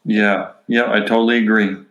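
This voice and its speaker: Flat-voiced male guest in an echoey room. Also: on the low side, moderate pace. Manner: brief, agreeable replies.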